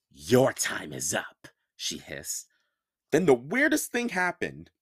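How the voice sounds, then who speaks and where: Expressive male audiobook narrator. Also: medium pitch, dry recording, clean studio sound. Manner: expressive storytelling. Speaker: audiobook reader. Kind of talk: first-person audiobook narration.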